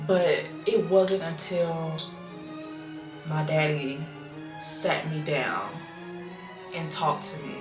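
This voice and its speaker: A woman's voice: deep voice, reverberant. A woman in her thirties, a mother and vlogger, talking earnestly to camera and thinking aloud with restarts and repeated phrases. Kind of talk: casual reflective talk to camera.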